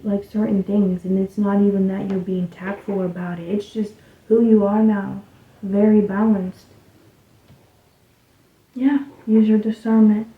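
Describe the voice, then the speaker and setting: Woman reading cards for her channel: loose, rambling, low-key and even in pitch, recorded thin and boomy. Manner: rambling, loose, with soft muttered asides. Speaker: tarot reader. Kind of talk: casual spiritual card reading. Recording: tinny, phone-like sound in an echoey room.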